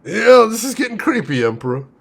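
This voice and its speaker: Animated man doing let's-play commentary. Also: sits high, brisk, creaky. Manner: animated, excitable storyteller, laughs and yelps easily. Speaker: gaming channel host.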